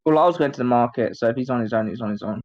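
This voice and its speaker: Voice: medium pitch, racing, a little mellow, muffled recording. A tabletop game player who speaks hesitantly and talks about his character in the third person. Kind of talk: casual chat about his character's moves.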